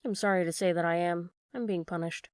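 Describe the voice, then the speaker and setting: A woman voicing an earnest, proud wooden marionette boy in a storybook reading, with low, subdued replies. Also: steady tone, a little fast, dry recording, studio quality, close to an everyday voice. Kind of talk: storybook read-aloud.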